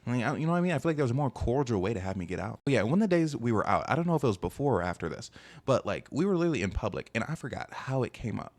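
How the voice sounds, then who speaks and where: A man's voice: mid-range voice, very animated, rapid-fire, darkish tone. A young man casually telling a dating story in a rambling, slangy way, full of fillers.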